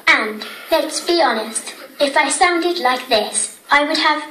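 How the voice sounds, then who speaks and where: A man demonstrating an alternative text-to-speech setting that plays a high-pitched young female computer voice with sing-song synthetic delivery. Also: animated, slow pace. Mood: flat. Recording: echoey, distant, loud noise and crowd.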